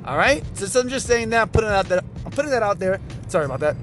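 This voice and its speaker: A man's voice: high-pitched, very animated, racing, noisy background. A male podcast host chatting casually and rambling while he drives. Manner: rambling, self-promoting, chatty. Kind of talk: casual chat. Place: car while driving.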